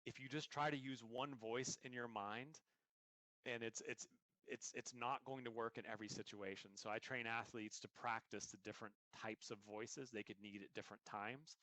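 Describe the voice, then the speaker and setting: A man talks as an endurance coach in an interview, earnest and explanatory, and often stumbles into restarts. His voice sits at an ordinary pitch. The sound is dry and close, with no room around it. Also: fairly even intonation, normal speed, sharp tone, no room sound. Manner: earnest, frequent restarts and repeated words. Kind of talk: conversational interview answers.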